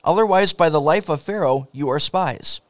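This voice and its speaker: Stern powerful governor laying down orders, a bit high-voiced, dry close sound, read out plainly by a man from a scripture story. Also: normal speed, no room sound, natural voice.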